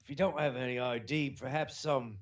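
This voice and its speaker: A man voicing a gruff male bartender from New Zealand, calling people pal and fella. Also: medium pitch, expressive, normal speed, lightly acted. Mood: wary.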